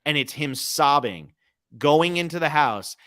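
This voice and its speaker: A young adult man co-hosting a movie podcast, telling stories with animated acted-out quotes. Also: fairly high pitch, a little slow. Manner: animated storyteller, acts out quotes. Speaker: podcast co-host. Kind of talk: casual movie chat.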